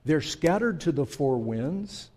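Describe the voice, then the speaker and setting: A man preaching a sermon in an unhurried, storytelling way, speaking directly to his listeners. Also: fairly high pitch, lively intonation, warm tone. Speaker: pastor.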